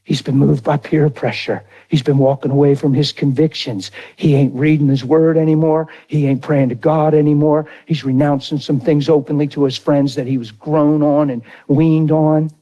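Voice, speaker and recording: A middle-aged man preaching a sermon through an animated, folksy personal story. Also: on the high side, moderate pace, few pauses. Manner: animated, folksy, drawls into dramatic retellings.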